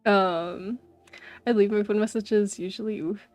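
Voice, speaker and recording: A woman's voice: mid-range voice, fairly even intonation, moderate pace, darkish tone, dry recording, soft background music. A young woman streaming, chatting casually and animatedly with her viewers and often saying "bro". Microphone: desk mic.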